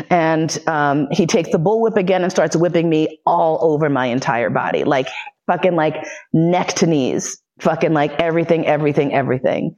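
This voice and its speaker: Recounting a personal story in a podcast lecture, the host is blunt and profane, stumbling through fillers and self-interruptions and vividly re-enacting other people's lines. The mid-pitched voice is unhurried and somewhat dark in tone.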